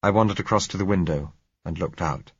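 A man narrating a novel in first person, in a measured, reflective way. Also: low-pitched, breathy edge, no room sound, dull audio. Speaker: audiobook narrator.

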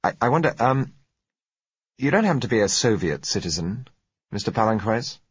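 Man doing a shrewd guarded company director, reflective, raised above a husky low voice, dry recording. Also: sing-song, moderate pace, dry recording, exaggerated voice. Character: cautious, shrewd male company managing director. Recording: dry, slightly dull recording.

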